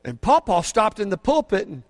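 An older man preaching a sermon as pastor, fervent, moving from quiet asides to shouting praise, in a church. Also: sits high, wildly swooping pitch, moderate pace. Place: church sanctuary. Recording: long hall reverb from a church.

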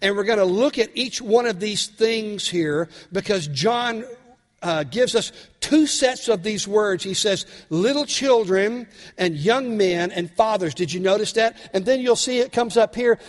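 A male pastor preaching a sermon, animated and often asking his congregation questions. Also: sits high, measured pace. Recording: long hall reverb.

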